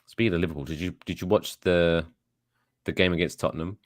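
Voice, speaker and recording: A man co-hosting a casual sports podcast, telling stories in an animated way with heavy swearing. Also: sits low, quick pace. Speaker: podcast co-host.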